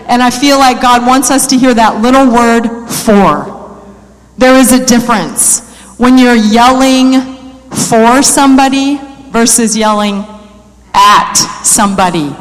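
A woman preaches a sermon in a church, her voice carrying a long hall reverb. She moves from easygoing, conversational talk to loud, repeated exhortations. She often puts questions to the congregation. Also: on the high side, measured pace. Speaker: church speaker.

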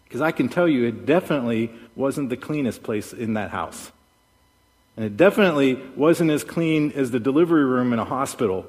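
A man preaching a sermon as pastor, an animated storyteller who acts out voices. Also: a little high. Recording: long hall reverb.

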